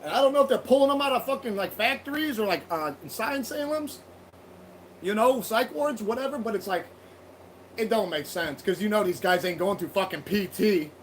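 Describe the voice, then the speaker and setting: A man hosts a livestream from home, ranting bluntly in a profane, rambling monologue full of heavy swearing and restarts. His voice sits high and is animated and fairly quick, with slight background noise.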